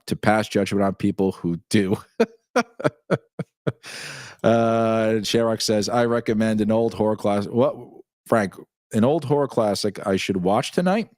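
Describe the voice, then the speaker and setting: A man's voice: on the low side, measured pace, darkish tone, no room sound, clean studio sound. A man in his forties hosting a casual live stream, laughing often as he reads viewer comments aloud. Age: 40s. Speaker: show host.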